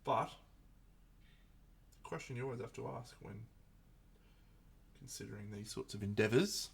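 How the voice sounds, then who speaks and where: A man's voice: medium pitch, normal speed, gravelly, husky. A man chatting casually on a live stream while painting miniatures, reflective and rambling, often restarting his sentences. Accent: Australian.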